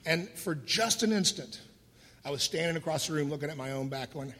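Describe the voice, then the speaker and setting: A middle-aged man candidly telling his own recovery story, wry and laughing through the dark parts. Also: on the high side, fairly quick. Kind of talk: personal storytelling talk. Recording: voice in a hall with long reverb.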